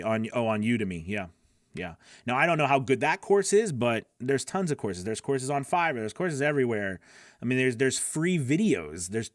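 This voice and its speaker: A man's voice: medium pitch, dry recording, clean studio sound. A man hosting a live class for voice actors, talking casually and rambling with plenty of fillers, laughing often and answering viewers by name. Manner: rambling and conversational, many fillers and restarts. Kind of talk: casual live-stream teaching, reading chat questions.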